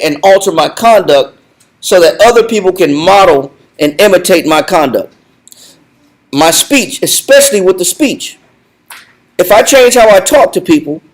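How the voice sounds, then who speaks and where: A man leading a Bible study lesson in a conversational, animated way, repeating himself and laughing often. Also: on the high side, low-quality recording. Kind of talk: conversational teaching.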